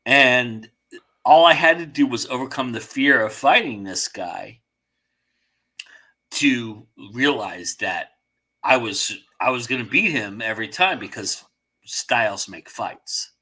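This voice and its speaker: A male livestream host talks slowly in a bright, clear voice. He thinks out loud, circling back and rephrasing as he builds his point. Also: mid-range voice, lively intonation, rough recording. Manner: reflective, works through his point aloud. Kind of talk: casual chat on a live stream.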